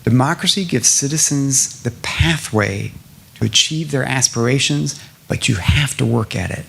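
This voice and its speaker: A man's voice: medium pitch, animated, normal speed, vocal fry, fairly bright tone, breathy edge. A middle-aged man from South Carolina answering a question at a public lecture, earnest and building to emphatic lists. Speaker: guest speaker at a public lecture.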